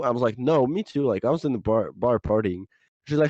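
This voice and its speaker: A man's voice: mid-range voice, fairly quick, warm tone, dry recording. A young man co-hosts a casual podcast chat and rambles through a story, swearing and laughing as he goes. His voice comes through a dull, muffled mic. The sound is close and dry, with no room around it. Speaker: podcast co-host.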